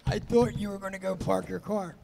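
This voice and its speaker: A male co-host with dry, deadpan delivery in loose podcast banter. His voice sits unusually high for a man and has a gravelly fry running through it. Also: brisk, a little hiss or hum. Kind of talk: casual live podcast banter.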